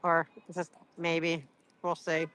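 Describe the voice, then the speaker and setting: Casual livestream host, teasing and rambly; bright, forceful voice, dry close phone sound. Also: mid-range voice, monotone, slow pace, no room sound. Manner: rambling, full of "like" and "you know"; teasing, chatty. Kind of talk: casual livestream chat with viewers.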